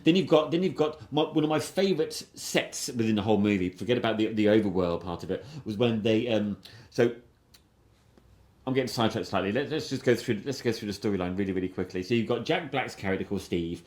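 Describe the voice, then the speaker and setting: Low-voiced man rambling in an echoey room. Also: quick pace, darkish tone. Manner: rambling, enthusiastic, with frequent restarts. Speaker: film review podcast host. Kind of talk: casual chat. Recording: roomy echo.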